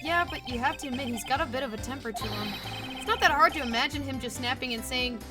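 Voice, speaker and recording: A woman's voice: high voice, fast talker, close to an everyday voice. A woman voicing an earnest young male defense lawyer in a video game, reading matter-of-factly. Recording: game music underneath.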